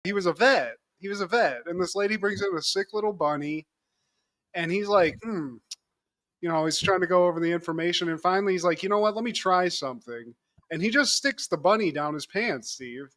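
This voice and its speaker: Guy cohosting a podcast, high voice, goofy and animated, dry close sound. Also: brisk, dry recording. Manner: animated, jokey, acts out sketch lines. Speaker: podcast co-host. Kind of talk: casual comedic chat.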